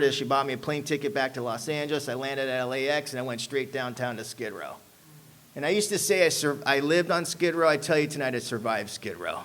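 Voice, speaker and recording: A man's voice: medium pitch, a bit bright. A man giving a personal testimony talk to an audience. He tells his recovery story emphatically and keeps dropping "man" and "you know what I'm saying". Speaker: speaker sharing a recovery story.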